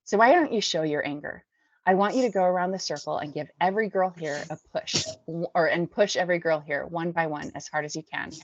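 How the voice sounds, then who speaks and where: A woman's voice: fairly low pitch, a little fast, no echo. A woman voicing a harsh, confrontational teenage girl who mocks and accuses. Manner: mocking, accusing. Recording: dull dry lo-fi recording.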